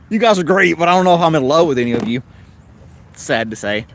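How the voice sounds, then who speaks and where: A man's voice: fairly high pitch, a little hiss or hum. A man with a Tennessee accent hosting a casual livestream chat, rambling along in an easygoing way. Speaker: host.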